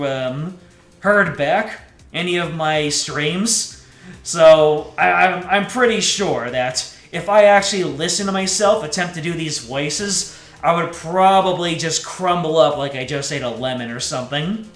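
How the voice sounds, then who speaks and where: Halting, self-deprecating male streamer. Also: a little high, fairly bright tone. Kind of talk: casual game-stream chat. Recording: echoey room with faint music.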